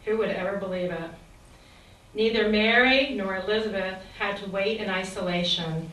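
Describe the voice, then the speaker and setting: A woman's voice: medium pitch, normal speed, a bit bright. A woman giving an earnest, reflective faith talk in a sermon style, often posing rhetorical questions. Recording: very echoey, distant mic with faint ambience.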